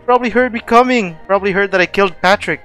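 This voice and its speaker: A young man giving excitable let's play commentary who laughs often and swears. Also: high voice, fast talker, clean tone, faint music behind. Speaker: gaming streamer.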